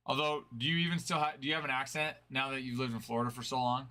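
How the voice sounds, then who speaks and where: A man's voice: mid-range voice, level tone, fast, sharp tone. A man hosting a card break stream, chatting casually and answering viewers' chat.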